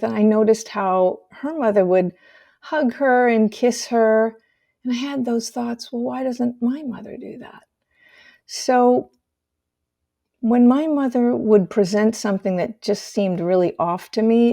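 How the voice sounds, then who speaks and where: An older woman hosting a talk show, telling her own childhood story in a candid, measured way and dropping to a soft hush on painful memories. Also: fairly high pitch. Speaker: host sharing her story. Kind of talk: personal storytelling, reflective monologue.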